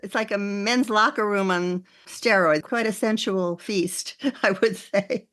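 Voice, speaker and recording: A woman's voice: medium pitch, a little slow. Woman podcast host, chatty. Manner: warmly reactive, prompting with short questions. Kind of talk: conversational interview.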